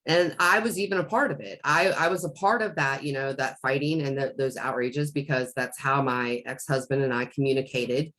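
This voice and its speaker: A woman's voice: extremely low pitch, steady tone, moderate pace, hardly any pauses, fairly bright tone. A woman co-hosting a casual talk show, rambling as she retells a talk with her son. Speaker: podcast co-host. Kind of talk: casual conversation.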